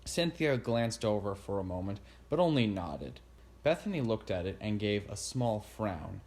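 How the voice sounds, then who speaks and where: A man narrating a storybook chapter in a steady reading voice. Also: lowish voice, moderate pace. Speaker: audiobook narrator.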